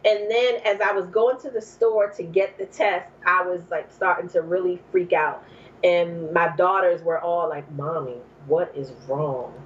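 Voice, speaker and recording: Brief: woman guest, from New Jersey, lively storyteller full of "um" and "like", slightly muffled recording. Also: fairly low pitch, normal speed, a little hiss or hum. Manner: animated, acts out quoted speech, many fillers. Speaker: podcast guest. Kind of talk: personal storytelling.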